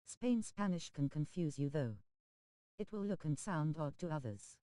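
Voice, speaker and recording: Mellow, smooth synthetic chat-reading voice. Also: medium pitch, animated, moderate pace, no echo, low-quality recording. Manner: reads emoji names and abbreviations aloud literally. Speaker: text-to-speech chat reader on a game stream.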